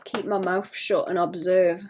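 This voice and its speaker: A woman streaming as she draws, chatting to her viewers in a soft, rambling way with frequent fillers and light laughs. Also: lowish voice, little pitch movement, unhurried, slight background noise. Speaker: art streamer. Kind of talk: casual chat while drawing.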